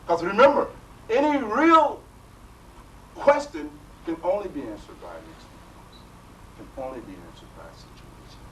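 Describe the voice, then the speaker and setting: Animated man teaching a spiritual workshop. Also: on the high side, far from the mic, slight background noise, rough recording. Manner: animated storytelling with rhetorical "right?". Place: workshop room.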